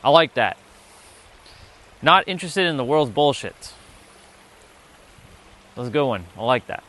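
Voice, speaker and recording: A man's voice: medium pitch, big pitch swings, unhurried, a bit bright. A man hosting a casual motivational livestream outdoors, blunt and playful, swearing freely and chatting to viewers while he walks among rocks. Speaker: livestream host.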